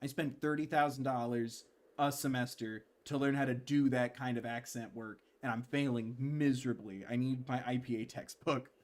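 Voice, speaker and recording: A man's voice: medium pitch, fairly even intonation, moderate pace. Joking man streaming a video game. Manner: joking, rambling asides. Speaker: gaming streamer. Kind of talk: live gameplay commentary.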